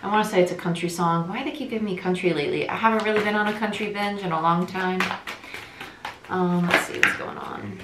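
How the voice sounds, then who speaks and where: A young woman from New Jersey giving a casual tarot reading, talking quickly in a chatty, rambling way. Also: fairly low pitch, very noisy. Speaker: tarot reader. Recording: echoey room.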